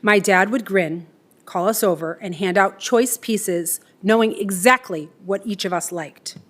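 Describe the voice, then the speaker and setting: A woman's voice: mid-range voice, a little slow. Tender Midwestern woman reading a eulogy. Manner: tender, steady, emotional. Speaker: daughter giving a eulogy. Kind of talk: read eulogy.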